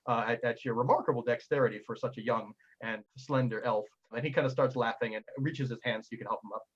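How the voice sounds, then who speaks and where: Husky guy gm rambling thru a tabletop game, kinda dull lo-fi sound. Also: medium pitch, a bit bright. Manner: rambling, laughing, full of restarts. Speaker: game master.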